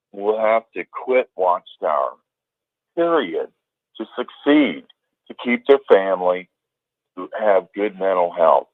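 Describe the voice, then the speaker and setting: A man's voice: lowish voice, no echo. Male caller, heated and emphatic, swears; tinny phone audio. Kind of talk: call-in ranting.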